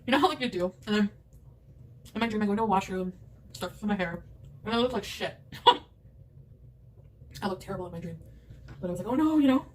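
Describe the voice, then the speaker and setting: A medium-pitched woman speaks fairly quickly but pauses often as she works through a big meal at home. As a mukbang eater, she keeps up a rambling, chatty flow punctuated by laughter. Her mic sits far away, with noise in the background.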